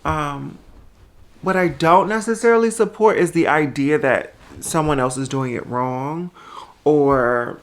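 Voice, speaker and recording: A transgender woman vlogging casually at home into a small microphone, chatty and animated, with a habit of talking loudly. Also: sits low, a little slow. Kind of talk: casual vlog chat. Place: indoors at home. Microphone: small microphone on a handheld tripod.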